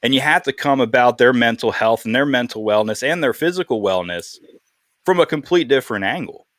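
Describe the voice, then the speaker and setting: A man's voice: mid-range voice, animated, fairly quick, fairly bright tone, no room sound, clean studio sound. Earnest man hosting a podcast. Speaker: podcast host. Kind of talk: casual podcast chat.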